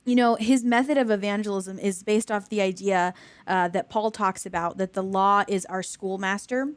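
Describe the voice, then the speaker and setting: A young adult woman co-hosting a podcast, talking in an earnest, animated way in casual faith discussion. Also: mid-range voice, moderate pace, dry recording. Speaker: podcast co-host.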